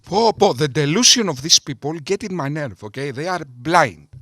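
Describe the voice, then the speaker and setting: A man doing sarcastic video commentary in a mocking, deliberate way. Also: on the high side, animated, sharp tone, dry recording.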